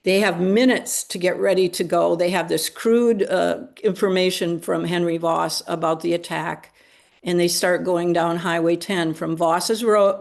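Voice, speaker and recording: Lady with a lowish voice telling local history, chatty, lots of asides. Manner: conversational, with fillers and restarts, chatty asides. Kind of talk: storytelling talk.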